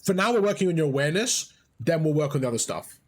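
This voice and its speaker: Husky, animated male gaming coach. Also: a little high, fast talker. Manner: encouraging, repetitive, explains step by step. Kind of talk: live coaching over gameplay.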